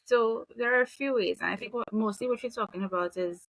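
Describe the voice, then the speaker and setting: A woman in her thirties, a behavioral analyst, giving parenting advice in a relaxed, chatty way and acting out example phrases. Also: fairly high pitch, fast talker, creaky, no room sound, rough recording. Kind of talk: casual advice conversation.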